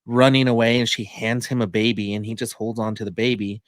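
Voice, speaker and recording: A man's voice: fairly low pitch, steady tone, brisk, dry recording, clean studio sound. A man co-hosting a podcast, reviewing a movie in casual, enthusiastic chat full of fillers. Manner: rambling, enthusiastic, many fillers.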